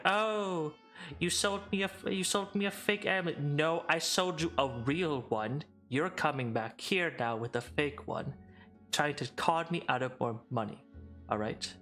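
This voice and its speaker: A man's voice: mid-range voice, pushed and bright. A man voicing a smug male satyr merchant who brushes off a customer's complaint. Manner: smug, dismissive, streetwise drawl. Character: smug male satyr vendor, bothered and dismissive.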